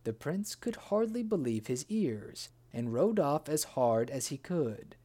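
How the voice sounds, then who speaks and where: A narrator reads an old fairy tale slowly and carefully. The pitch rises and falls with a lively swing. The delivery is unhurried throughout. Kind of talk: scripted storybook narration.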